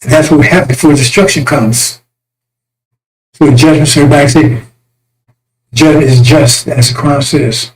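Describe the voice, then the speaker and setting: A man with a high voice preaches in a fiery, rambling rant. His delivery is crude and mocking, full of scorn for those he condemns. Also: fairly even intonation, moderate pace, long pauses, poor audio. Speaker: self-styled religious messenger. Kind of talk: impassioned religious rant.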